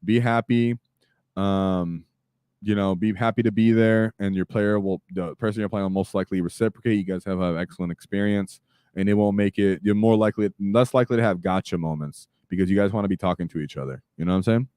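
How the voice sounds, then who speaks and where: A man hosting a casual livestream chat, talking in an animated way with lots of fillers and sudden shouts. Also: on the low side, a little fast, smooth, dry recording, clean studio sound. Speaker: streamer host.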